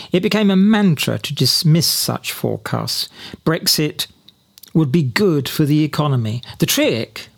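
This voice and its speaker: A man's voice: fairly high pitch, a bit bright. A man from Britain giving spoken political commentary, sardonic in tone, mocking opponents through quoted voices, with some slips and repeated words.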